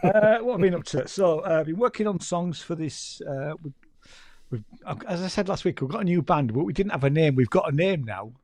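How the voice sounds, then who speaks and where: A man's voice: fairly high pitch, lively intonation, a little fast, darkish tone, no echo. A man with a Yorkshire accent, a podcast guest telling rambling, self-deprecating stories in casual chat. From York, England.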